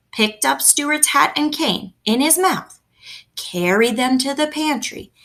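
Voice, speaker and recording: A woman reading a children's book aloud at home, in a gentle, expressive storytelling manner. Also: medium pitch. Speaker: reader.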